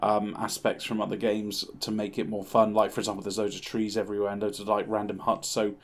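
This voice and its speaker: A man co-hosting a gaming podcast, chatting casually in an animated, rambling way and laughing easily. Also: on the low side, fast. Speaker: podcast co-host.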